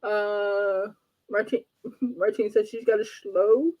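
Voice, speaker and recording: A woman's voice: medium pitch, fairly even intonation, slow pace, highs cut off. A woman hosting a casual live-stream talk show, blunt and teasing with emphatic points.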